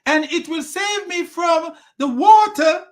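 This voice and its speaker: A man voicing a foolish young man who refuses rescue from a flood, in a high, whiny put-on voice. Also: slow. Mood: defiant.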